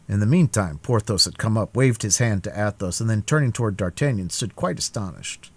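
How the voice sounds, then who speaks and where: Male narrator, cold read, low and husky, very animated pitch. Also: fairly quick, few pauses, no echo. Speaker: audiobook narrator. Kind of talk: live-streamed cold read of a classic novel.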